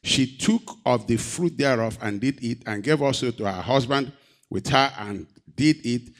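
A man preaching a sermon, reading scripture and asking the congregation questions, moving between loud, raised emphasis and quiet, low delivery. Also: unhurried. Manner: asks the congregation rhetorical questions.

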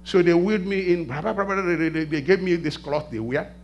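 A middle-aged man preaching a sermon in a church, asking the congregation to finish his sentences and swinging between hushed and loud passages. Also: high voice, fairly quick, lo-fi sound, slight background noise. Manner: call-and-response questions to the congregation. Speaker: pastor.

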